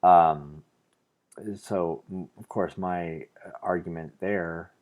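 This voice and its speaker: A man's voice: sits low, steady tone, takes it slowly, a little mellow. A man from the United States giving an earnest, argumentative vlog monologue, hesitant and full of restarts. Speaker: vlogger. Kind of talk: casual monologue to the camera.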